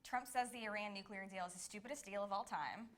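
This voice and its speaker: A woman with a bright, forceful voice co-hosts a casual political chat. She talks in a chatty way, with quick reactions and plenty of fillers, and her pitch sits in a middle range. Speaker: co-host of a post-debate commentary show.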